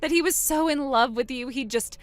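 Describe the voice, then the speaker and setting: A woman voicing a wronged older sister in a text-message story, speaking low, subdued and cold. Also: a little fast, no room sound, natural voice. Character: wronged older sister, quiet and bitterly calm.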